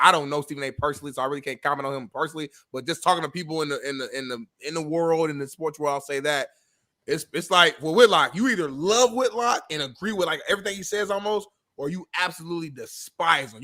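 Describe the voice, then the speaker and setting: Fast-talking bright male co-host. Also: a little high. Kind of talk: casual sports talk show banter.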